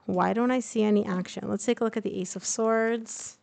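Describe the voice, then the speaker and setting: A woman's voice: mid-range voice, steady tone, normal speed, creaky, darkish tone, dry recording. A woman casually reading tarot cards to camera, chatting and thinking aloud with fillers and asides. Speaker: tarot reader. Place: indoors, traveling.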